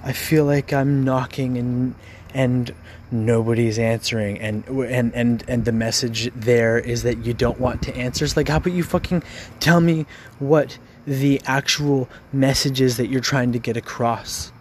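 A man of middle pitch pours out an angry, frustrated rant. He swears often and stumbles over repeated words as he pushes on. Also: steady tone, a little slow, darkish tone, slight background noise. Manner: frustrated, profane, stammering repeats.

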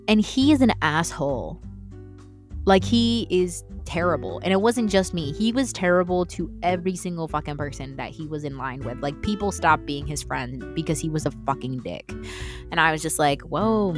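A young woman hosting her own podcast, ranting candidly and swearing freely, with sudden animated, mocking outbursts. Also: sits low. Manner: candid and heavily profane, ranting. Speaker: podcast host. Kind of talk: solo podcast rant.

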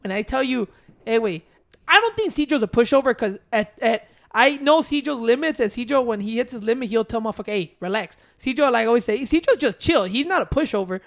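Rapid rambling man. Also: very high-pitched, expressive, vocal fry. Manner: rambling, profane storytelling. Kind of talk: casual chat, mixing Spanish and English.

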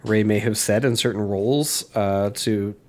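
A man with a head cold and a slightly gravelly voice, co-hosting a casual podcast chat in a jokey, rambling, self-mocking way. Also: fairly low pitch, steady tone, normal speed, darkish tone. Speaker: podcast co-host.

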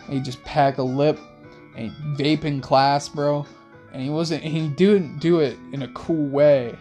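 A young man hosting a rambling late-night monologue in laid-back slang, with soft music playing behind him. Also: fairly high pitch, fairly even intonation, measured pace. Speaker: host. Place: in a car.

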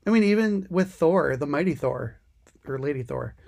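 A woman's voice: low voice, animated, moderate pace, creaky, a little mellow. An American woman co-hosting a podcast, talking casually and agreeably. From United States. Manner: laid-back, agreeable, laughs easily. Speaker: podcast co-host. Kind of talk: casual chat.

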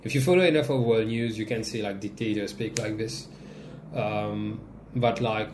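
A man from Mauritius hosting a solo political commentary podcast, sarcastic and animated, often restarting his sentences. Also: on the low side, moderate pace, a little hiss or hum. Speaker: podcast host.

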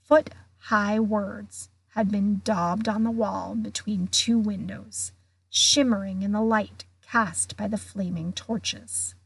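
A woman guest reader reading a children's novel aloud in an expressive way. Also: mid-range voice, creaky, husky, dry recording. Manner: slow, expressive.

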